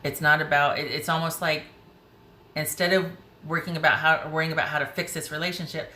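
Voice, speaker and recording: A woman's voice: deep voice, level tone, a little fast, pushed and bright. A woman doing a casual tarot reading, chatty and emotional, thinking aloud as she turns the cards. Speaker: tarot reader. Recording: roomy with faint hiss.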